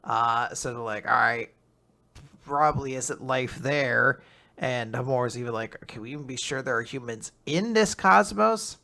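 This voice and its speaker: A young man co-hosting a casual manga recap, retelling chapters with animated quoted character lines. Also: medium pitch, normal speed, vocal fry. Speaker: podcast co-host.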